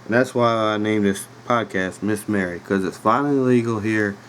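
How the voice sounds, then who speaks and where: A man's voice: on the low side, normal speed, slight background noise, low-quality recording. Laid-back rambling Virginia man. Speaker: podcast host. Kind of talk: casual storytelling. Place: home room with a dog nearby.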